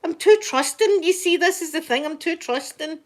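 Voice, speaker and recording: A woman's voice: very high voice, moderate pace. A Scottish woman chatting casually on a live stream, rambling through stories and laughing often. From Scotland. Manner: chatty, rambling storyteller who laughs a lot.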